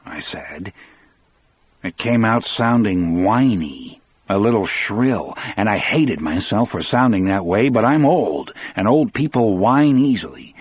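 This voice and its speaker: A man's voice: on the low side, expressive, unhurried, husky, no echo. A man narrating an audiobook in a brooding, confessional first-person telling.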